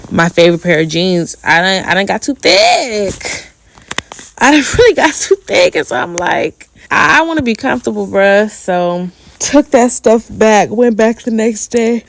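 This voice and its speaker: A young woman hosting a casual solo podcast, chatting with playful slang and laughing as she goes. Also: lowish voice. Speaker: podcast host.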